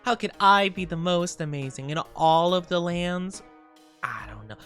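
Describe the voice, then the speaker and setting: Soft background music accompanies a young VTuber streamer as she chats casually with live viewers. Bubbly, playful and a little drowsy, she's quick with thanks and teasing comebacks, her low-ish voice carrying a fairly bright tone.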